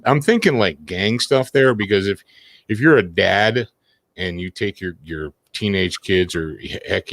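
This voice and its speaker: A man joining as a guest panelist, giving his opinions in lively casual chat and acting out mocking voices. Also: sits low, dry recording. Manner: animated, acts out mocking voices.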